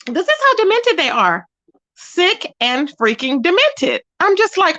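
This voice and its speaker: A woman doing casual gossip commentary in a sassy, animated way, greeting her chat viewers. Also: very high voice, a little slow, no echo, lo-fi sound. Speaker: commentary vlogger.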